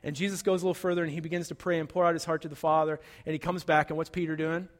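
A man with a notably high voice delivers a sermon as a casual, conversational story. He keeps asking "right?" and leans on "like." A long reverb trails behind his voice, as in a large hall. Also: flat delivery, racing. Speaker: pastor.

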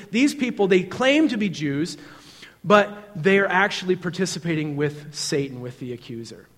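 A man preaching a sermon. He talks in a conversational way and swings from loud to hushed, intimate passages. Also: sits high. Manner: conversational with fillers like "um" and "like". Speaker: pastor. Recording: long hall reverb.

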